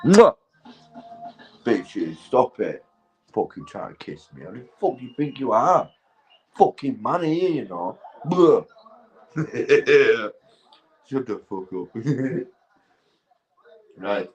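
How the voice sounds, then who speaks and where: A man's voice: medium pitch, sing-song, slow pace, long pauses, faint music behind, poor audio. Rambling sweary British man. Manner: rambling, sweary, laughs often. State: high. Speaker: livestreamer. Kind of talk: rambling casual livestream chat.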